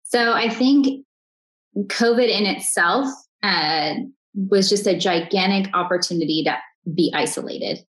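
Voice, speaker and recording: A woman in her thirties, a podcast guest, talking earnestly and warmly upbeat in a conversational interview, often restarting her sentences. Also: mid-range voice, unhurried, poor audio.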